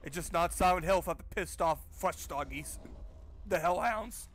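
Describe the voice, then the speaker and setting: Casual: snarky guy cursing through a horror game playthrough, voice a bit high. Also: normal speed. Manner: sarcastic, profane. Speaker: game streamer. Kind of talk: let's play commentary.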